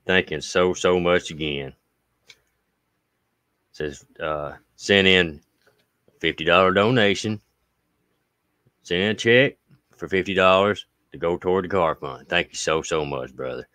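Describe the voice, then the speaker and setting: Appalachian man, low pitch, bright forceful tone, folksy host reading mail, close dry mic. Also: dry recording. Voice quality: smooth voice. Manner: folksy, warm-hearted, drawn-out thanks. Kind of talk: casual livestream chat.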